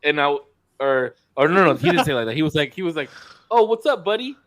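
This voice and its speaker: A podcast co-host in casual conversation, this man speaks fast in a fairly high voice with no echo. He tells stories in an animated, emphatic way and swears often.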